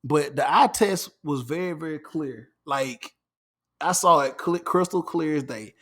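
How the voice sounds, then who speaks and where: A man leads a casual sports talk show. His voice sits high for a man. He is animated and emphatic and keeps doubling back on his words. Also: a little slow. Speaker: podcast host.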